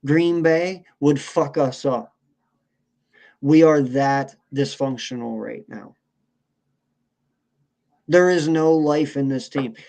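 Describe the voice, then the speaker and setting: A man's voice: mid-range voice, takes it slowly, long pauses, darkish tone. A man co-hosting a sports podcast, ranting in a heated, profane, casual way. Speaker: podcast co-host.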